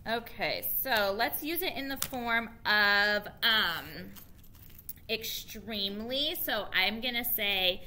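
A woman teacher giving a reading lesson to young children, spelling and sounding out words slowly and asking them to repeat after her. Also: mid-range voice, animated, bright, forceful tone, slight background noise.

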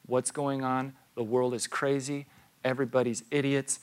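A man's voice: mid-range voice, flat delivery, normal speed. A man in his thirties, a pastor giving a sermon in a church, telling a story and asking questions in a conversational way.

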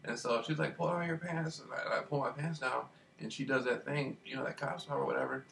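A man telling a rambling personal story in a casual monologue, repeating himself and getting animated as he retells it. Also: medium pitch, fast talker, vocal fry. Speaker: vlogger. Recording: distant mic with faint background noise.

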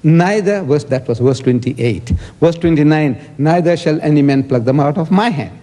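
High-voiced man debating in an echoey hall. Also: animated, normal speed, mellow. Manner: emphatic, rhetorical questions, quotes scripture. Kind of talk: public debate speech.

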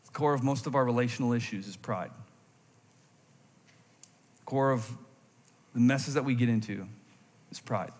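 A man preaching a sermon in a church, animated, moving between intense emphasis and quiet reflective moments. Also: medium pitch, moderate pace, long pauses. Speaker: pastor. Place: church sanctuary. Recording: long hall reverb from a church sanctuary.

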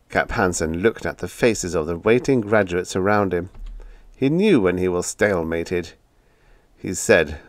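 Low-voiced man reading a humorous story. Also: animated, normal speed, no room sound, studio quality. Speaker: audiobook narrator. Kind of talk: humorous audiobook narration.

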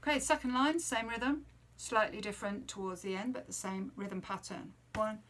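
Bright-voiced woman teaching trumpet. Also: mid-range voice, expressive, moderate pace. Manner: counts beats and sings rhythms aloud. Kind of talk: music lesson for children. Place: at home.

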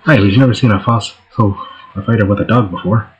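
A man's voice: lowish voice, fast, poor audio. A man hosting a let's play, giving casual gameplay commentary in a laid-back, joking way.

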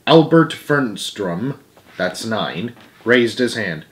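A man's voice: fairly low pitch, animated, takes it slowly, a bit bright. A man reading a children's book aloud, adding casual asides and correcting his own stumbles. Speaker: storyteller.

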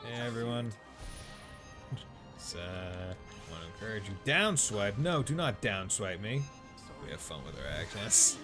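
A man's voice: fairly low pitch, big pitch swings, unhurried. A man with a Boston accent streaming a video game, chatting casually and rambling with lots of fillers. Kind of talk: casual let's-play chat. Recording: faint game music behind.

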